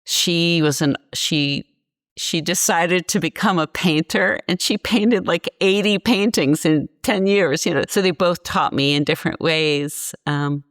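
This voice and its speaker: A woman's voice: lowish voice, unhurried, no room sound, studio quality. A woman in her sixties from Virginia, telling stories bluntly and passionately as a podcast guest. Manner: passionate, blunt, animated storytelling. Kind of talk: candid podcast interview.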